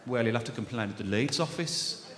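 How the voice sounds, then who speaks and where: A man voicing a weary, grumpy office clerk woman with a Birmingham accent, in a flat, fed-up drawl. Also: medium pitch, a little fast, long reverb tail, background noise, voice pushed down, lightly acted.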